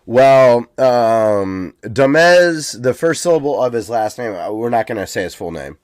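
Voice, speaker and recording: A man's voice: medium pitch, expressive, a little slow, a little mellow, no echo, studio quality. An American man co-hosting a podcast, chatting casually and rambling with lots of ums. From United States. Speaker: podcast co-host. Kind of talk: casual chat.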